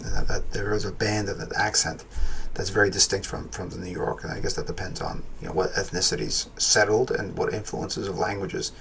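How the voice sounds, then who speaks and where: A man's voice: low voice, expressive, a little fast, gravelly, a bit bright, slight background noise. A man giving a casual spoken film review, rambling and correcting himself as he thinks aloud.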